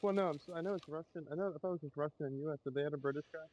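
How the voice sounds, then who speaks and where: A young man casually chatting during a multiplayer game, laughing often and telling stories in an animated way. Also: fairly high pitch. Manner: giggly, animated, quick to laugh. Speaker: gamer co-host. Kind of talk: casual gaming chat. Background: gunfire and game noise.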